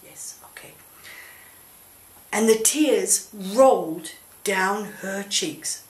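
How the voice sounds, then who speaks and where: A woman telling a children's Bible story in church, gently coaxing and asking questions of a puppet. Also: medium pitch, very slow. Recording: roomy echo.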